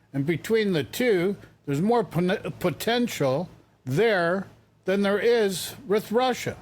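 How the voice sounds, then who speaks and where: Slow-talking exasperated male commentator. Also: high-pitched. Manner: exasperated, repeats points. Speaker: political commentary host. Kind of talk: casual political commentary.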